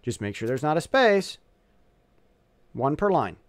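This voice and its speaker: A man giving a casual software walkthrough, thinking aloud as he clicks through, often restarting and correcting himself. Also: on the high side, sing-song, unhurried, dry recording. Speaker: tutorial presenter.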